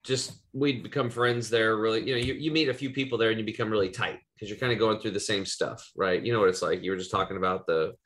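A man's voice: fairly low pitch, fairly even intonation, fast, hardly any pauses, fairly bright tone. Rambling man from Eastern Oregon. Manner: rambling, loose and swearing. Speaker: podcast host. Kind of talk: casual storytelling chat.

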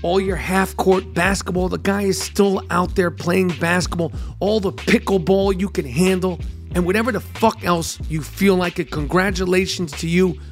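Foul-mouthed hyped-up man with a high voice. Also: fairly even intonation, moderate pace, soft background music. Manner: profane, hyped, riffing. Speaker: podcast host. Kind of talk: comedic podcast monologue.

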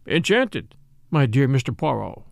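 A man's voice: medium pitch, big pitch swings, unhurried, creaky, no room sound, clean studio sound, pitched below the performer's own voice. A man voicing a police commissary who speaks in a formal, soothing and apologetic way.

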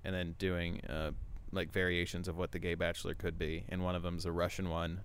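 A man's voice: low-pitched, completely flat delivery, a little fast, a little hiss or hum. A young man from the American South with a Southern accent, a comedian guest chatting casually on a podcast, rambling and laughing at his own jokes. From Arkansas, US South. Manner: rambling, self-amused, often breaking into laughs.

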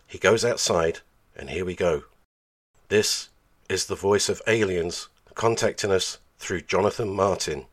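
A man narrates with dry, mocking asides, every line scripted and deadpan. His voice sits slightly low for a man. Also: a little slow. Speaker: documentary narrator.

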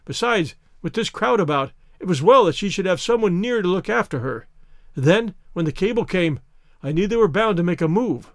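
A man reading as a passionate lovesick gentleman. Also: high voice, animated, moderate pace, no room sound, studio quality. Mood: earnest. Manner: earnest, heated, pleading. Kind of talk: audiobook character reading.

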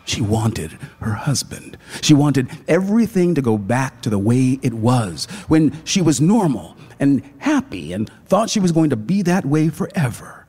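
A man narrating a literary short story in a hushed, dramatic manner. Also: mid-range voice, sing-song, a little slow, few pauses, slightly rough.

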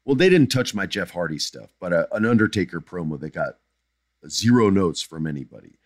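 A man's voice: deep voice, very animated, a little fast, no room sound, clean studio sound. A middle-aged man hosting a podcast, answering listener questions in blunt, emphatic casual chat that drifts into jokes.

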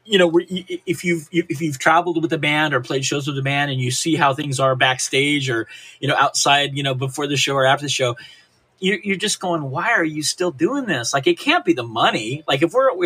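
An older man from Reno chats loosely as a podcast guest, looping back on himself with restarts and "you know"s. His voice sits a bit high and sounds bright and forceful, with a husky grain to it. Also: brisk. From Reno, Nevada, USA. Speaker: punk musician guest. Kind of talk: casual podcast interview.

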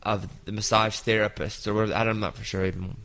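A man in his fifties hosting a casual chat, telling an anecdote with lively jumps into quoted voices. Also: fairly low pitch, fast talker. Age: 50s.

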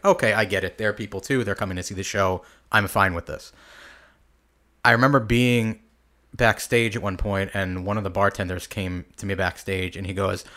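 A man in a casual podcast chat tells a story with a bright, forceful tone. He acts out the quoted lines with plenty of animation. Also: low voice. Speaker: podcast co-host.

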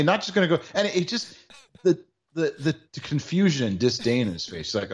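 Sarcastic husky-voiced male podcast host. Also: a little high, very animated, a little fast. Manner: sarcastic, mock-formal award delivery. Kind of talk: casual sports podcast banter.

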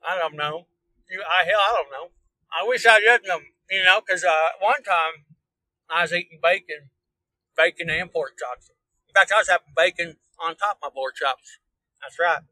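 A man's voice: high voice, moderate pace, pushed and bright, no room sound, rough recording. A man with a rural Kansas drawl doing a crude, rambling comedic hillbilly tour-guide act while driving on a live stream. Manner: rambling, crude, mock-folksy joking. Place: inside a car while driving.

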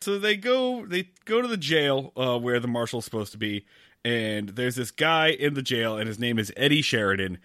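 Man, podcast co-host, casual plot recap, wry, bright voice, dry sound. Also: mid-range voice, very animated, moderate pace, no echo. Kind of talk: casual chat.

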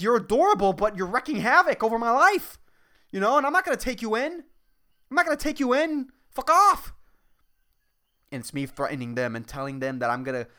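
A man's voice: on the high side, fairly bright tone, clean tone. A young adult man hosting a casual solo podcast, ranting with lots of swearing and laughing at himself. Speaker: podcast host and comedian.

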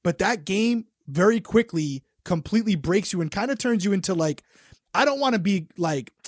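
A man's voice: high voice, expressive, moderate pace, no echo, studio quality. A man hosting a casual chat who speaks in an earnest, reflective way. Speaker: podcast host.

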